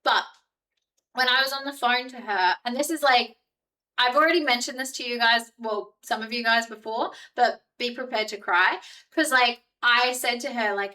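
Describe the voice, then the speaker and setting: A woman's voice: on the high side, moderate pace, bright, forceful tone, distant mic, low-quality recording. A young woman with a mixed Australian and New Zealand accent, chatting casually and rambling with her viewers on a live stream. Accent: Australian and New Zealand mix. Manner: chatty, rambling, frequent fillers and laughs.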